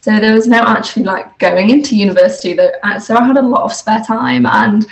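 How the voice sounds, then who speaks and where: A woman's voice: a little high, fairly quick, gravelly. A nineteen-year-old woman with a Yorkshire and Lincolnshire accent, chatting as a podcast guest and filling her talk with "like". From England. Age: teens. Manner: chatty, many fillers like "like". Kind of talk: casual chat. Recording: roomy echo.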